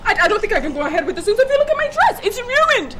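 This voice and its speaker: An actress playing a vain, haughty young celebrity who scolds and makes dramatic demands. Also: female voice, extremely high pitch, sing-song, rapid-fire, fairly bright tone, a little hiss or hum, exaggerated voice, rough recording. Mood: sulky. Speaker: famous actress character. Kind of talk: film drama acting. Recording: film soundtrack with music behind.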